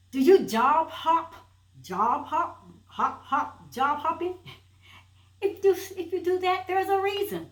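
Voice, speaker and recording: A high-pitched woman preaches motivation emphatically, asking rhetorical questions again and again and building toward her point. The room is echoey and the audio poor; she is an inspirational speaker.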